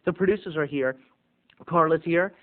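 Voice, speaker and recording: A man hosting a video blog, telling a comic story with theatrical swings between booming and hushed. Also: normal speed. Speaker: vlog host. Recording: tinny phone-like audio.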